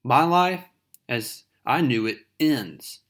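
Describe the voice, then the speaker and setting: A man voicing a bitter young man with a grudge, reading his lines calmly with pointed, accusing turns. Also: mid-range voice, slow. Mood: resentful.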